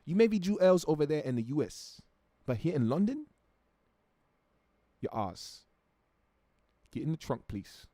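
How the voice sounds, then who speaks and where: A man voicing a menacing, mocking London gangster with a high-pitched put-on voice. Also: big pitch swings, unhurried, pauses often, dark tone, no room sound. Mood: taunting.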